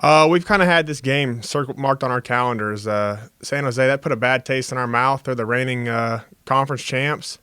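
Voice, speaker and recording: A young man from Texas, a college football defensive player, answering reporters' questions over a video call in a steady, earnest way with frequent fillers. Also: medium pitch, normal speed, few pauses, smooth, no echo, studio quality. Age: young adult. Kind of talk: press conference answers.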